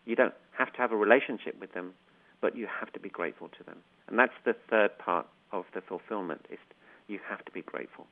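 Middle-aged male guest, earnest and emotional, gravelly low voice heard over a phone line. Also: quick pace. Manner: earnest, emotional, repeats words for emphasis. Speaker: guest, inspirational coach. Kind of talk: heartfelt storytelling interview.

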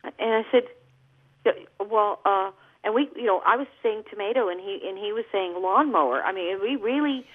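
A woman's voice: medium pitch, lively intonation, a little fast. A woman singer and guest, talking in a chatty storytelling way during a radio interview by phone. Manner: chatty, warm storytelling with laughs. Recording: tinny phone line.

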